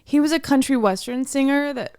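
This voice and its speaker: A woman's voice: high voice, a little fast, darkish tone. A woman co-hosting a podcast in casual chat, giggly and rambling with frequent restarts. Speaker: podcast co-host.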